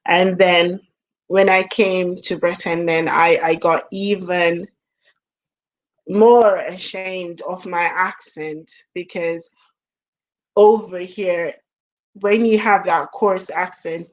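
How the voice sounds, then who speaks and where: A middle-aged woman from Jamaica with a Jamaican accent, talking to camera in a casual, musing vlog, trailing off and laughing at herself. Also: fairly low pitch. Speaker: vlogger. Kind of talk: casual reflective monologue.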